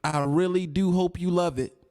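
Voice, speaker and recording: A man's voice: sits high, fairly even intonation, normal speed, a little mellow. A man hosting a trucking channel, giving casual straight-talk advice full of slang. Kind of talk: casual podcast chat.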